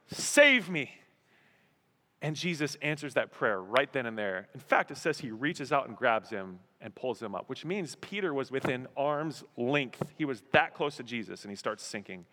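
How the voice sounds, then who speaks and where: Man, pastor, animated sermon, bright forceful voice, long hall reverb. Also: mid-range voice, moderate pace, a little hiss or hum. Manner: animated, acts out voices and exclamations.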